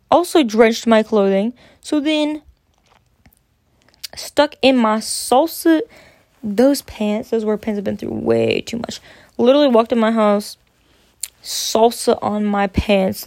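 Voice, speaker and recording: A woman's voice: a little high, dry recording, studio quality. Profane, rambling young woman storyteller. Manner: profane, rambling, animated anecdotes. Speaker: podcast host. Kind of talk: casual storytelling.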